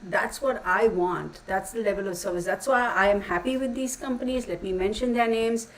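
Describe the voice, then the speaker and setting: A woman's voice: medium pitch, normal speed, distant mic, poor audio. A woman talking casually to her channel, blunt and exasperated, swearing now and then and using folksy insults. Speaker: channel host. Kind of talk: casual ranting vlog.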